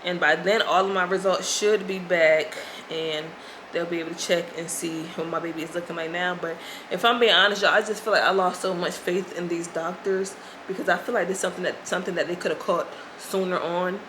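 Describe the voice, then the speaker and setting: A stressed woman talks straight to camera in a casual vlog and vents to her viewers. Her voice sits a little low, and she sounds anxious and frustrated as she keeps calling them "y'all.". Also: fairly even intonation, fairly quick, a bit bright, a little hiss or hum. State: stressed and overwhelmed. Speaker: pregnancy vlogger.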